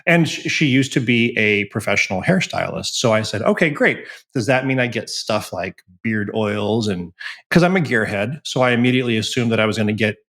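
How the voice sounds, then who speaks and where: A man's voice: lowish voice, brisk, a bit bright. A man chatting as a guest on a podcast, easygoing with self-deprecating humor, over a remote call. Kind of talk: casual podcast chat.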